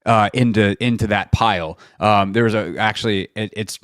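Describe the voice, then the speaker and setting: A man's voice: lowish voice, fairly even intonation, moderate pace, fairly bright tone, dry recording, clean studio sound. A man hosting a sports radio show, breaking down football film in a casual, chatty way with lots of fillers and restarts.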